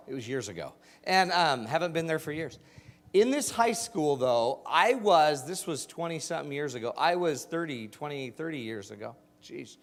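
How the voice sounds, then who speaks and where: Upbeat male keynote speaker in his forties, fairly high voice, full of asides and crowd questions, heard in a reverberant hall. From Utah. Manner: animated, jokey, asks the audience questions. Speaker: motivational speaker. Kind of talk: storytelling keynote talk.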